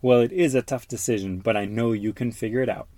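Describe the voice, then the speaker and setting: Give me a calm, firm mother, read by a dad in a dry room. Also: mid-range voice, quick pace, no room sound, close to an everyday voice. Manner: calm, matter-of-fact. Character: firm, gentle mother of a young boy.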